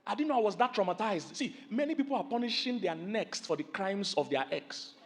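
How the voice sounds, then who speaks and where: A middle-aged Nigerian man preaching a sermon, telling lively stories, asking the audience questions and acting out loud voices. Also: high-pitched, brisk. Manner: animated storytelling, calls questions to the audience, acts out loud yelling voices. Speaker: pastor.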